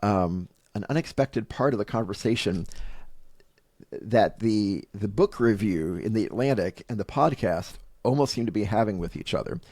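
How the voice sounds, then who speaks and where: A man co-hosting a podcast, thinking aloud with enthusiasm and a quick laugh. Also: on the low side, animated, darkish tone, dry recording, studio quality. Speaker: podcast co-host. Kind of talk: casual chat.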